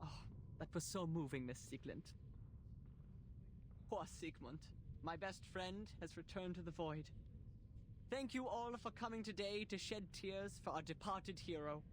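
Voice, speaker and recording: A pompous, theatrical eulogist. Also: male voice, high voice, measured pace, long pauses, slight background noise. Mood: grandiose. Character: grandiose male mourner giving a florid eulogy. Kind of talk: game voice acting.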